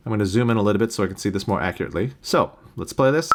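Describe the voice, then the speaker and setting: A man teaching how to use music recording software in a plain, practical screen-recorded tutorial, recorded on a USB interface mic. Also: on the low side, very fast, heavy background noise. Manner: plain, practical explaining with sung beep demos.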